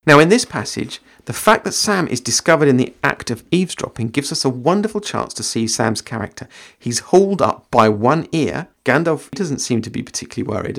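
A man hosting a podcast on creative writing, explaining in a measured, thoughtful way and reading passages aloud. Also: mid-range voice, gravelly.

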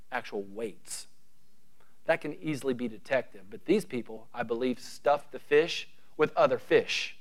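A male pastor preaching an animated sermon, building to emphatic rising runs and dropping to quiet asides. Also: fairly high pitch.

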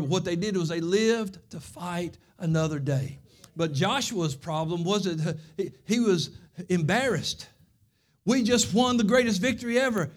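A man preaching from the pulpit in a notably high voice. He tells stories in an emphatic, repeating way, hammering each point home like a seasoned pastor. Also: darkish tone. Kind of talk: sermon.

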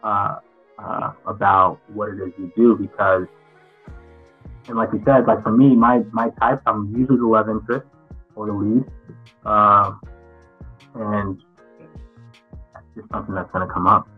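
A man's voice: on the low side, steady tone, a little slow, long pauses, slightly rough. A man, an actor as interview guest, answering frankly and reflectively, often restarting his sentences. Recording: tinny phone-like line with faint music.

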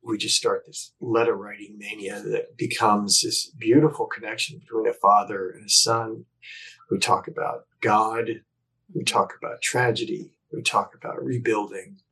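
Husky-voiced middle-aged man telling a personal story. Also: fairly low pitch, flat delivery, moderate pace, low-quality recording. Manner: reflective, earnest, with frequent restarts and self-corrections; shifts between emphatic bursts and soft, hushed phrases. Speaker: podcast guest. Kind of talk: candid conversational storytelling.

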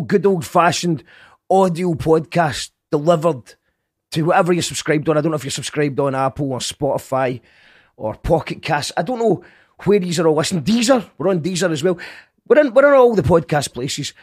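Male podcast host, slightly high husky voice, earnest and stumbling, dry close sound. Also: no echo. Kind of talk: casual chat to listeners.

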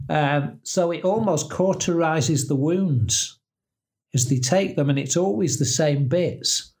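A man in middle age, talking slowly in casual podcast chat. His voice sits a little high for a man, and he laughs often as he jokes his way through what he reads out. Unhurried and chatty. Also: a little mellow. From England. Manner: jokey, laughs often, reads out search results. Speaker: podcast co-host.

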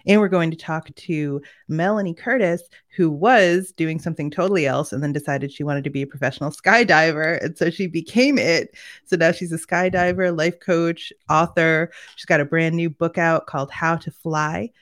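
A woman's voice: deep voice, fairly even intonation, moderate pace. A woman co-hosting a show in casual chat, chatty and laughing often as she introduces the guests and reads a sponsor spot. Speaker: co-host.

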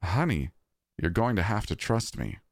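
A man voicing a dead wife who speaks through six strangers at once, calm and unsettling. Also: lowish voice, normal speed, dry recording, clean studio sound. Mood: calm, insistent. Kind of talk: storytelling narration.

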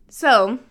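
Podcast co-host, thirties woman; higher-pitched, tense bright tone, casual anecdote with quoted voices. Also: vocal fry, slightly rough. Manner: conversational, acts out quoted voices. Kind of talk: casual storytelling chat.

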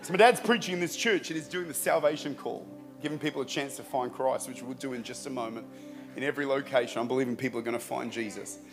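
Male pastor, storytelling sermon, animated and lively delivery, faint music underneath. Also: mid-range voice, quick pace, crowd noise. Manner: lively, animated anecdotes, repeats words while speaking. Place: church service.

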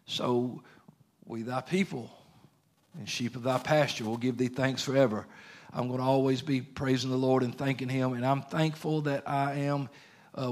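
Earnest preacher man. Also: mid-range voice. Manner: earnest, conversational preaching with colloquial grammar. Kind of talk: sermon.

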